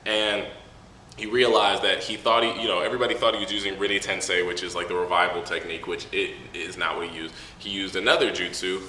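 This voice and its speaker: A man's voice: low-pitched, steady tone, brisk, sharp tone. A man casually reviewing a manga chapter on a camera mic, rambling with profane, laughing asides. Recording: echoey room, faint noise.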